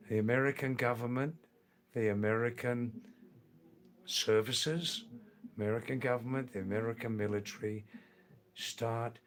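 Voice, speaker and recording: A man born in England hosting a live stream, answering viewer comments in a slow, halting way that repeats phrases. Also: mid-range voice. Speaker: livestream host.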